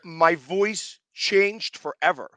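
A man who makes sports-fan videos, talking in a casual interview with a loud, passionate manner and a slightly raspy, deepened voice. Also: no echo. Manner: loud, passionate, quick restarts.

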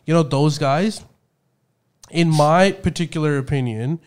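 A man's voice: a little high, measured pace, smooth. A man chatting casually on a podcast, rambling and swearing freely as he acts out what other people say. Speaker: podcast co-host. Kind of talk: casual chat. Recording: live stream podcast.

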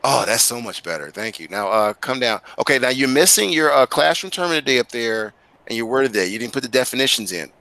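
A man's voice: mid-range voice, animated, fast talker, bright, forceful tone, dry recording. A male teacher guiding students through an online class on a video call, talking casually but directly and firmly.

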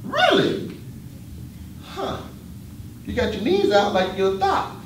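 A man playing a teacher in a comedy sketch, roasting his students in a loud, mocking way. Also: high voice, sing-song, unhurried, far from the mic. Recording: echoey room with background noise.

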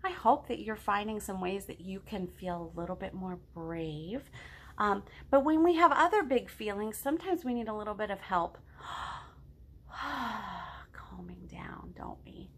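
A middle-aged woman at a children's storytime reads a picture book aloud in a medium-pitched voice, at a moderate pace. She's gentle and encouraging, and asks the children questions.

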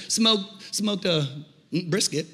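Middle-aged male pastor, high and sharp tone, lively folksy sermon delivery. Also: extremely slow. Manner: animated preaching, builds to shouting; folksy asides and humor.

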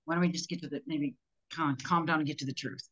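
A woman, a sales trainer, talking as a guest in an interview, animated and telling stories with quick voices for the people in them. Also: deep voice, highs cut off. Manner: animated, acts out customers in character voices. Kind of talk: podcast interview storytelling.

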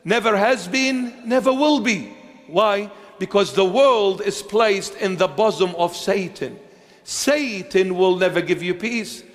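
A man delivers a sermon as a bishop, slow and emphatic, posing rhetorical questions and swinging between hushed and loud lines. His voice sits high, and the sound has a big-room quality.

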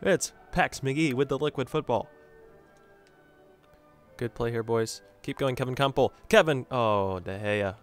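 A man's voice: medium pitch, measured pace, long pauses, soft background music. A man giving live commentary over his own soccer video game match as a channel host, cheering on his players and talking to his viewers as "boys".

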